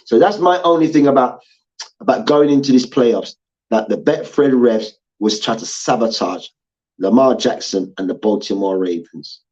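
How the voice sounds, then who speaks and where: A man's voice: mid-range voice, darkish tone, lo-fi sound. A man hosting a heated sports debate show, ranting and swearing, repeating his points and mocking people with chants.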